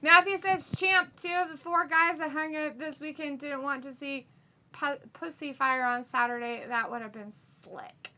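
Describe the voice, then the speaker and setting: A woman's voice: sits high, steady tone, moderate pace, pushed and bright, a little hiss or hum. An American woman co-hosting a wrestling watch-along stream, chatting casually, giggling often and reading viewer comments aloud in playful voices.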